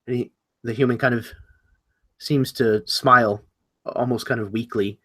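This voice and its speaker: A man's voice: medium pitch, fairly even intonation, normal speed, fairly bright tone. A man narrating a tabletop game as game master, describing actions with many hedges. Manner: descriptive, hedging.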